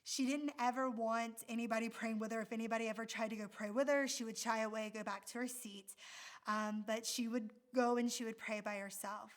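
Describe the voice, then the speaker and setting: A woman's voice: fairly high pitch, fairly even intonation, a little fast. A woman from the United States, a missionary speaker, telling a story in a sermon in an earnest, heartfelt way.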